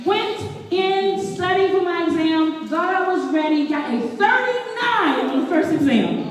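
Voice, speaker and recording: Woman speaker, animated and playful with the crowd; long hall reverb. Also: extremely high pitch, measured pace. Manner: animated, playful, quizzes the audience. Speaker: speaker addressing an audience. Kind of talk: lively motivational talk. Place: event room with tables. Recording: echoey hall, mic from far off.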